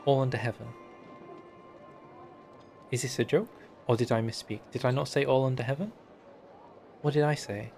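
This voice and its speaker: Man, game streamer, mid-pitched voice, jokey running commentary, faint music behind. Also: steady tone, moderate pace, pauses often, a little mellow. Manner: joking, reads game text aloud in mock voices. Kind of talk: casual gameplay commentary.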